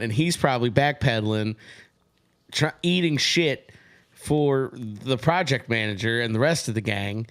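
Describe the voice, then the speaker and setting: A man's voice: medium pitch, unhurried, fairly bright tone, clear, resonant tone, no echo. A man co-hosting a comedy podcast, swearing casually and acting out a sales call story. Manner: profane, storytelling, acts out sales calls. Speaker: podcast co-host.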